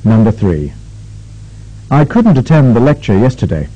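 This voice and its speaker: A man's voice: medium pitch, sing-song, dark tone. Man leading a pronunciation drill. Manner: slow, careful, exaggerated intonation. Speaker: language lab instructor. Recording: dull lo-fi tape recording.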